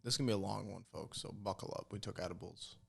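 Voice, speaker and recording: A man's voice: low voice, racing, gravelly, slightly rough. A man co-hosting a podcast in casual chat with friends, joking and laughing often. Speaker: podcast co-host. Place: room with several friends, live show.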